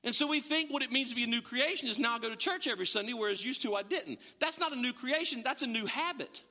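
A man preaching a sermon as pastor, animated and acting out his listeners' voices. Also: very high-pitched, fast, long reverb tail.

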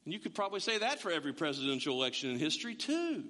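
This middle-aged pastor races through his sermon with barely a pause, his high, bright, forceful voice ringing out under long hall reverb. He jokes and stays animated, stumbling over frequent restarts.

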